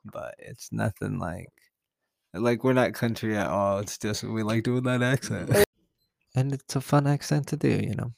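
Young man, gravelly voice, dry recording, relaxed podcast talk. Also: fairly low pitch, moderate pace, no room sound. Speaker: podcast co-host. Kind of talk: casual chat.

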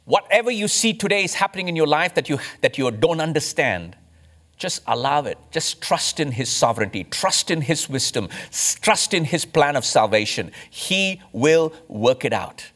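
Indian-born pastor preaching with emphatic rises. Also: male voice, fairly high pitch, lively intonation, a bit bright. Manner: preaching with emphatic rises and slow, stressed phrases. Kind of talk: sermon.

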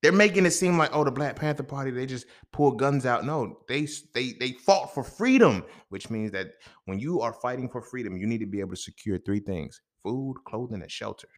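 A young man hosts a solo podcast in a loose, conversational way. He talks bluntly, swears freely, and tells stories the way he would to a friend. His voice sits at an ordinary middle pitch for a man. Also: expressive, brisk. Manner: blunt, profane, conversational storytelling. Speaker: podcast host. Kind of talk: casual solo commentary.

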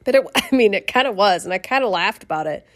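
A middle-aged woman casually telling a personal memoir, animated, swearing and laughing as she goes. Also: medium pitch, quick pace. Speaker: storyteller.

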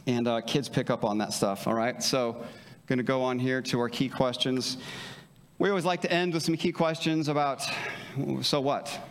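A man preaching a sermon as pastor, earnest and conversational, often checking in with his listeners. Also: mid-range voice. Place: church sanctuary. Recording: church hall reverb.

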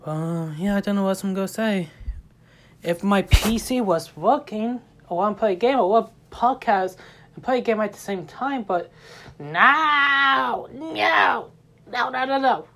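A woman from the United States hosting a casual solo podcast, talking in a rambling, halting way with loose grammar and many fillers. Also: medium pitch, darkish tone. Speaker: podcast host.

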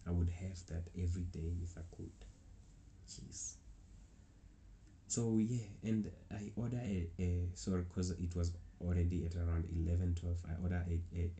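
Young man, low and gravelly, casual rambling vlogger; faint keyboard clicks behind. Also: dark tone, slight background noise. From South Africa. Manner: rambling, with many restarts and acted-out quotes. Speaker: travel vlogger. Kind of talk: casual travel story.

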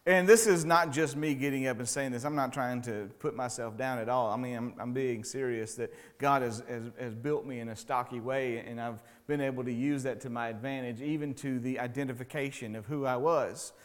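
A man preaching a relaxed, conversational sermon as a pastor and chaplain, with a self-deprecating sense of humor and lots of stammered restarts. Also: mid-range voice, brisk, hardly any pauses. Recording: long hall reverb.

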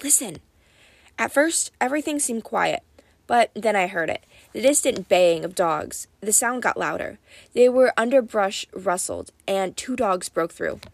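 A woman reading a first-person audiobook with wry, lively storytelling. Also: medium pitch, a little slow, vocal fry, no room sound. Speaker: audiobook narrator.

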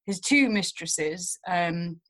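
A woman's voice: fairly low pitch, expressive, slow, a bit bright. A woman co-hosting a satirical podcast, speaking in an arch, mock-earnest way. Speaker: podcast co-host. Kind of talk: dry satirical banter.

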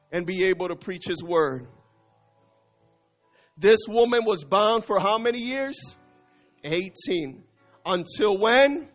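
High-voiced man preaching with fervor. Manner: passionate, swings between loud and hushed, mixes in Spanish phrases. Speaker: pastor. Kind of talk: sermon.

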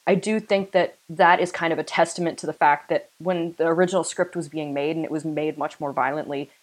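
A woman's voice: sits low, steady tone, a little fast, rough recording. A young woman co-hosting a podcast, chatting casually about a horror film and filling her talk with "like" and "you know.". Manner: chatty, filler-heavy, uses "like" a lot. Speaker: podcast co-host. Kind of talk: casual chat.

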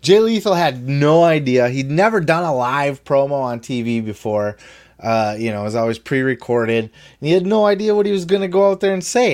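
A man hosting a wrestling podcast, talking in a blunt, profane, animated way. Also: medium pitch, fairly quick. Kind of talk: casual opinionated commentary.

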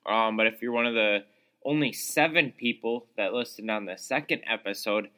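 Young guy podcasting solo, ranting, kinda sarcastic and fed up, bright lowish voice, lots of likes and uhs. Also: normal speed. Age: young adult. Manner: exasperated, sarcastic, lots of fillers. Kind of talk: casual ranting monologue. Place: small room, calls it his studio.

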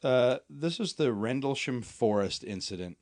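A man's voice: mid-range voice, animated, moderate pace, a little mellow. Rambling man, casual podcast chat. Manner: rambling, many restarts, laughs while talking. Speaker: podcast co-host.

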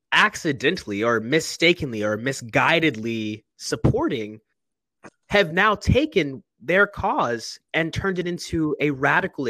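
Earnest, animated man speaking candidly. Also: fairly high pitch, dry recording. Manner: earnest, emotional, emphatic, with frequent restarts. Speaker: soldier guest. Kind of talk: candid conversation.

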